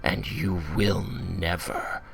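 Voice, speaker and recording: A man voicing a suave male archdevil who speaks smoothly, calmly and courteously. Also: low voice, slow, a little hiss or hum, heavily acted. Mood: calm authority.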